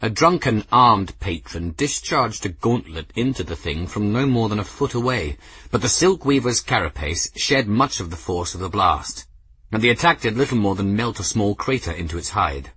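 A man reads an audiobook with a low, husky voice that moves in lively rises and falls. The sound is dry and close. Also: normal speed, no echo. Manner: expressive, voicing characters. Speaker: audiobook narrator. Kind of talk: scripted narration.

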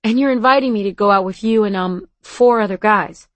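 Audiobook read: woman voicing a soft-spoken, hesitant teenage boy, tender, dry close recording. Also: on the high side, lively intonation, fairly quick, dry recording. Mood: gentle, shy. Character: shy, gentle teenage boy on the phone.

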